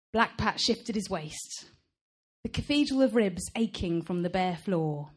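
A woman author reading her own novel aloud at a live event, measured and expressive. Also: mid-range voice.

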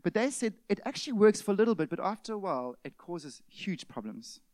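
A male pastor, preaching an animated sermon in which he acts out everyday scenes with sudden shouted outbursts. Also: high-pitched, a little fast, no echo.

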